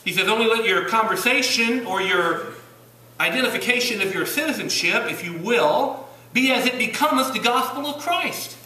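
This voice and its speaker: A man's voice: high voice, expressive, moderate pace, sharp tone. A man from Virginia with a Southern accent preaching a sermon, emphatic, with rhetorical questions to the congregation. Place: church sanctuary. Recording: roomy church recording from some distance.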